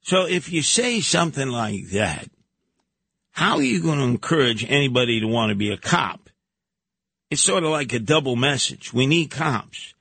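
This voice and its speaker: A man's voice: mid-range voice, a bit bright, dry recording. A man hosting a talk radio show, giving combative, sarcastic commentary. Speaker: radio host.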